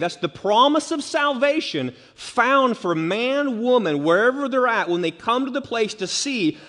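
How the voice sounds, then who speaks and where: A man's voice: very high voice, animated, a little slow, hardly any pauses, a bit bright. A male pastor preaching an expository sermon, stressing key words by repeating them. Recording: long reverb of a large hall.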